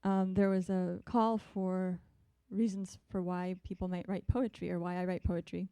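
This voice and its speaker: Woman, poet, poetry reading, measured and deliberate, mellow, dry sound. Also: lowish voice, level tone, clean tone, no echo. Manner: hesitant, soft asides between poems. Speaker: visiting poet.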